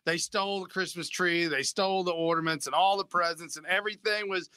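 A man's voice: sits high, steady tone, a little fast, bright, forceful tone, smooth, no echo. A man on a casual talk panel, trading wry quips and turning earnest. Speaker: show panelist.

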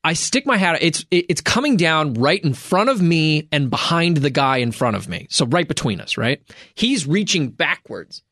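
A man's voice: a little high, very animated, moderate pace, fairly bright tone, no room sound, studio quality. A man co-hosting a podcast, telling a story in casual chat and acting out the other people in it. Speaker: podcast co-host.

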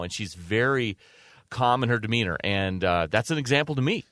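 A man's voice: mid-range voice, animated, a little fast, fairly bright tone, no echo, clean studio sound. A man co-hosting a radio talk show, chatting conversationally and teasing with mock questions.

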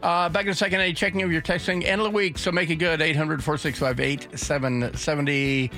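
A man's voice: fairly high pitch, steady tone, a little fast, bright, forceful tone, faint music behind. A man hosting a talk radio show in a studio, rambling off the cuff with sardonic asides. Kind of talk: casual talk radio monologue.

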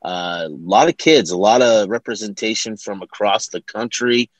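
Halting low-voiced male co-host. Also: no echo. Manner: halting, searches for words. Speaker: podcast co-host. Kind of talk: casual sports podcast chat.

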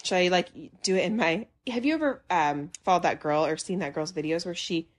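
A young woman co-hosting a podcast, telling stories in an animated way, laughing and acting out quotes. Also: lowish voice, fairly quick. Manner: animated, laughing storyteller who acts out quotes. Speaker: podcast co-host. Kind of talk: casual chat.

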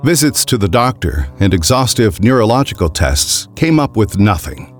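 A man narrating a scripted story in a grave, measured way. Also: on the low side, sing-song, faint music behind.

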